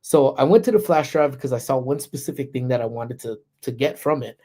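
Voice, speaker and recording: A man's voice: mid-range voice, fairly quick, mellow. A man hosting a casual livestream chat, rambling with lots of "you know" fillers and restarts, greeting viewers by name. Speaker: livestream host.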